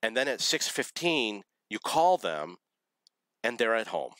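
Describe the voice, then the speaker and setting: A man's voice: lowish voice, very animated, a little slow, fairly bright tone, no room sound, low-quality recording. A man casually telling dating stories in a rambling, self-correcting, wry way. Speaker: storyteller.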